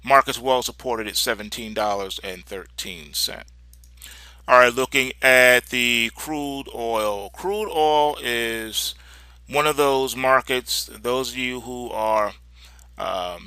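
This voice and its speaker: A man's voice: mid-range voice, pushed and bright, clear, resonant tone, dry recording. A man hosting a casual market recap, walking through charts with frequent fillers and repeated words. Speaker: market commentary host.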